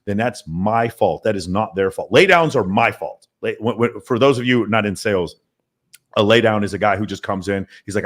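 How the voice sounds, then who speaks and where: A man talking as a podcast guest about his sales team, in an emphatic, profane, rapid-fire way. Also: lowish voice, fairly bright tone. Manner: emphatic, profane, talks in long runs. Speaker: podcast guest, mentoring business owner. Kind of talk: casual podcast interview.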